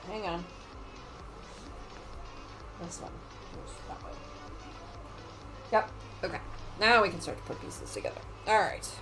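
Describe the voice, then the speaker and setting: A middle-aged woman hosting a home quilting livestream, chatting casually and rambling, often trailing off into quiet muttering as she works. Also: mid-range voice, poor audio. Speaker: sewing livestream host. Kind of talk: casual chat while quilting.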